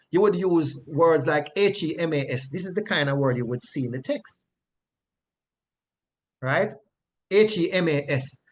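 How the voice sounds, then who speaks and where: A male Bible teacher explaining grammar in a lesson, often pausing to check in with "right?". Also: on the high side.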